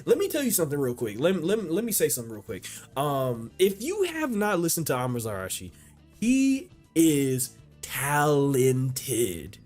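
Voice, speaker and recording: A man hosting an anime reaction video, talking casually and excitedly, swearing and restarting his sentences often, with faint music behind him. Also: mid-range voice. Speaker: anime reaction channel host.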